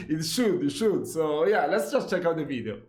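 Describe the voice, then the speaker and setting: A young Italian man with an Italian accent, hosting a casual reaction video, animated and laughing often. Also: a little high, moderate pace. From Italy. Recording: roomy echo.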